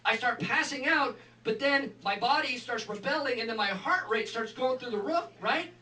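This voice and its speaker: A man doing stand-up, telling a story with animated asides and acted-out quotes. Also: very high-pitched, moderate pace. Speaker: stand-up comedian. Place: live comedy venue. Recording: echoey room, far from mic, audience noise.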